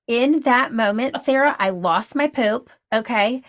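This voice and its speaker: A woman guest telling a personal story in casual chat, animated and full of restarts. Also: fairly high pitch, measured pace. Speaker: podcast guest.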